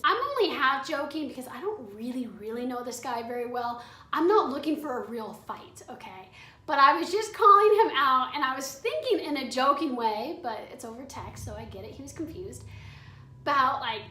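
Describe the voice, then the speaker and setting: A woman's voice: high-pitched, sing-song, moderate pace, bright, forceful tone. A woman in her twenties telling a candid storytime vlog, chatty and full of "like.". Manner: chatty, candid, heavy use of "like". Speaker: vlogger. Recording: echoey room, away from mic.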